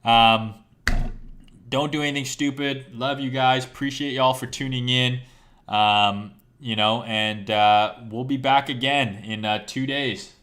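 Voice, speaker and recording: A hoarse man rants bluntly on a live stream, his voice worn from talking for hours. He talks to his viewers as a crypto trader in a casual, profane way and keeps checking in with "right?". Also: medium pitch, fairly even intonation, unhurried, a bit bright. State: losing his voice.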